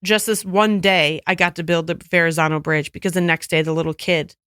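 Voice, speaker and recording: A woman co-hosting a casual podcast chat, telling stories with lively acted-out quotes. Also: lowish voice, fairly quick, clean tone, dry recording, clean studio sound. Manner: animated storyteller who acts out quoted voices. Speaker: podcast co-host.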